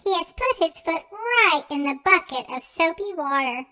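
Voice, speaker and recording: Story-time reader, woman, very high and lively, slow and expressive. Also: poor audio. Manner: slow, expressive, sing-song. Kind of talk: reading a picture book aloud.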